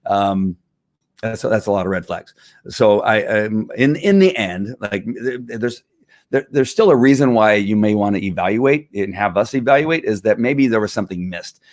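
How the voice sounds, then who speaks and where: A man's voice: lowish voice, normal speed, a little mellow, dry recording, studio quality. A middle-aged man who trains dogs, talking casually and with animation, acting out dog owners and laughing often. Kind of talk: casual livestream talk.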